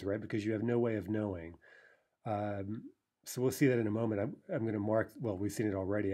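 A man's voice: lowish voice, dark tone, breathy edge. A man teaching a recorded language lesson, explaining step by step and checking in with "right?" as he sounds out verb forms. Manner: pronounces foreign verb forms carefully.

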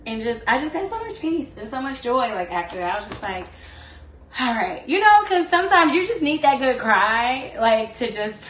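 In her home kitchen, a woman hosts a cooking show, chatting casually and expressively as she cooks and saying "like" a lot. Her voice is fairly high, and the room is echoey with slight background noise.

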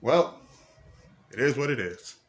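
Speaking to a camera at a medium pitch, a man rants in an unhurried way with lively intonation. He's confrontational and swears heavily, repeating himself and throwing out accusing questions.

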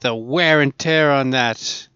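A man's voice: mid-range voice, slow pace, bright, forceful tone, clean tone, no echo, dull audio. A man casually commenting while he plays a VR archery game, chatting and laughing to himself as he goes. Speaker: gaming channel host.

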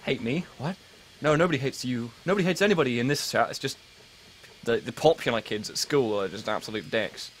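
English teen guy streaming, rambly and self-deprecating, keeps restarting sentences, mid-pitched voice. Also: animated, brisk, a little hiss or hum, poor audio. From England. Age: late teens. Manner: rambling and self-mocking, full of fillers and restarts. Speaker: livestream host. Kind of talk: casual live-stream chat, answering viewers.

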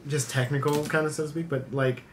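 A man's voice: on the high side, fairly even intonation, brisk, background noise. An American man chatting casually as a co-host, explaining things in an eager, rambling way with lots of filler words. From United States. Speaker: reaction channel co-host. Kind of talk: casual chat.

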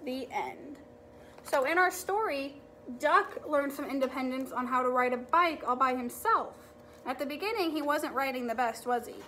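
High, lively teacher reading a storybook. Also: female voice, slight background noise. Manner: expressive storytelling with animal sounds. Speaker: kindergarten teacher. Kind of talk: reading a picture book aloud to young children.

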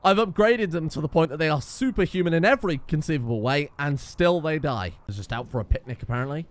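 Male let's-player, sarcastic, exasperated, frequent swearing, slightly high voice. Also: lively intonation, fast. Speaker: gaming YouTuber. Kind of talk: let's play commentary.

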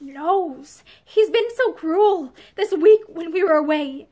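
Woman voicing a trapped, despairing young wife in a period novel reading, very high voice. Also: takes it slowly, darkish tone. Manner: distressed, despairing.

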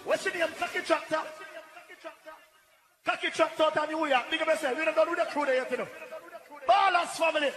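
A man, hyping a live dancehall session as selector, shouting commands to the dancers and laughing between calls. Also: extremely high pitch, fairly even intonation, brisk, long pauses. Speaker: sound system selector and MC. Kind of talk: live dancehall hype over music. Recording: echoey live sound over loud music.

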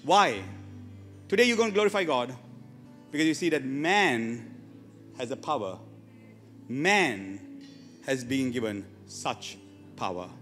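A man's voice: medium pitch, lively intonation, slow, pauses often, a bit bright, long reverb tail, soft background music. A man preaching a sermon to his church, emphatic and often asking the congregation questions. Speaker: pastor. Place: church hall.

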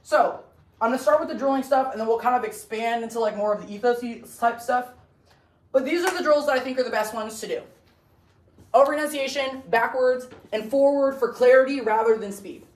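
A woman's voice: on the high side, a little fast, a little hiss or hum. Young woman debate coach, blunt and chatty, far off in a roomy classroom. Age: young adult. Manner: blunt, chatty, full of "like" and "okay?". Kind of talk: casual classroom lecture. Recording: roomy classroom, voice from across the room.

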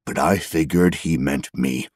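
A small humpbacked goblin , put on by a male audiobook reader, growls out rustic, folksy speech in a low, husky voice. He is stubborn and prickly, drawing his words out slowly and heavily. The recording is close and dry. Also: darkish tone, no room sound, full character voice. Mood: wistful. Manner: snappish, then slow and brooding.

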